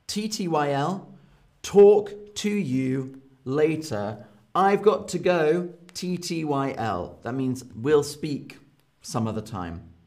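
A young man with a British accent teaches English words in an unhurried, deliberate way, drawing each example out slowly. He keeps a playful tone and chuckles at his own silly phrases, in a casual live-stream lesson. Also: fairly high pitch, animated, darkish tone. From Britain. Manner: slow, playful, often laughing at his examples.

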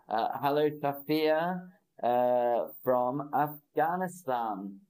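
A man teaching a simple English lesson on a live stream, repeating words slowly and greeting viewers in the chat by name. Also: mid-range voice, sing-song, a little mellow, low-quality recording.

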